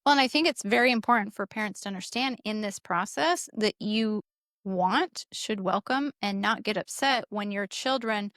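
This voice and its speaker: A woman's voice: mid-range voice, fairly bright tone, no room sound, studio quality. A middle-aged woman co-hosting a podcast, explaining parenting ideas earnestly in casual conversation. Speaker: podcast co-host.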